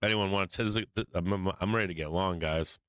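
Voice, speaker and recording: A man's voice: sits low, fast, a bit bright, no room sound. A man hosting a live stock market stream, talking casually and rambling with lots of restarts while he works his charts. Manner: rambling, restarts often, drifts off mic while working screens; casual and profane. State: has the hiccups. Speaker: stock market livestream host.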